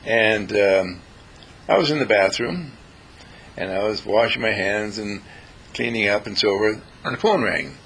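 A man's voice: fairly low pitch, vocal fry, pushed and bright, slight background noise, low-quality recording. A man telling a story to an audience, emphatic and repetitive, speaking straight to his listeners. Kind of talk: storytelling talk.

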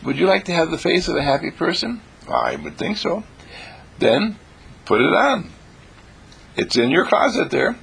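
Huge pitch swings mark this gravelly, husky man's enthusiastic motivational speech, as he moves between soaring exclamations and quiet murmurs and echoes his own lines. He talks at normal speed with long pauses, and his tone is a bit bright.

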